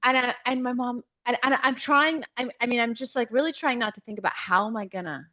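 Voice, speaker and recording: A woman, a podcast guest, telling a personal story in an animated, emotional way, often restarting her sentences. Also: on the high side, a little fast, muffled recording. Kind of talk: personal storytelling in a conversational interview.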